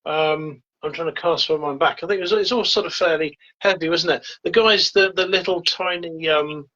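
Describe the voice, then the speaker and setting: A man's voice: a little high, steady tone, moderate pace, pushed and bright. A man chatting casually about films as a co-host, hesitant and full of fillers. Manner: hesitant, many fillers and agreeing yeahs. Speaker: podcast co-host. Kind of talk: casual film chat. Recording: dull lo-fi sound.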